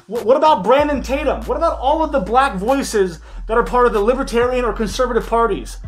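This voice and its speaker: A man's voice: very high voice, a little fast, faint music behind. Profane mocking male commentator. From Michigan, US. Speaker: commentary YouTuber. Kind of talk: sarcastic rant over a clip.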